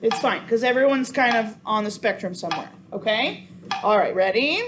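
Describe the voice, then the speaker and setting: A woman's voice: on the high side, animated, moderate pace. A woman teaching a cello sectional, counting beats aloud and apologizing often. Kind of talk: coaching a sectional. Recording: noisy room sound.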